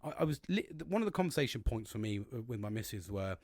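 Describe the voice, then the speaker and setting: A man's voice: on the low side, very animated, quick pace, darkish tone, dry recording. A man in his forties, hosting a podcast in a casual solo monologue, rambling and swearing with many restarts. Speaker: podcast host.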